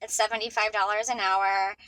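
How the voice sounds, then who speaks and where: A mother caught up in a custody dispute vlogs from her car while driving, rambling in an upset way and restarting often. Her mid-range voice is flat, a little fast and sharp-toned. The recording is low quality, with no room sound.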